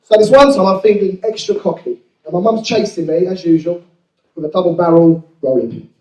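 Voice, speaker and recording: A man's voice: high-pitched, brisk, a little mellow, reverberant, distant mic, poor audio. A man doing a stand-up routine, telling a childhood story in a crude, self-mocking way. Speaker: stand-up comedian.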